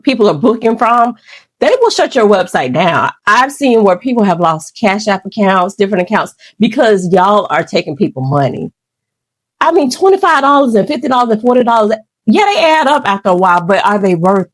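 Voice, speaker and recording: A woman host comments on clips in an opinionated, conversational way. Her recording is dry, with no room echo. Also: medium pitch.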